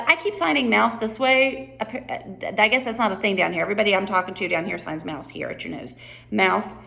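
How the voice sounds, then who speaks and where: A chatty woman coaching a sign language play rehearsal. She reads each line and then explains it in an instructive way. Her voice has a gravelly fry at a middle pitch. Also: a bit bright. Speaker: sign language drama teacher.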